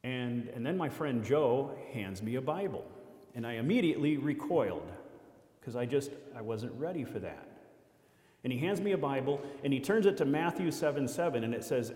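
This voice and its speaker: A man's voice: medium pitch, lively intonation, moderate pace, a little mellow. A man from Iowa sharing his faith testimony with a congregation, telling his story earnestly with self-deprecating humor. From Iowa, USA. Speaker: lay speaker giving a testimony. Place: church hall. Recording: echoey hall with long reverb.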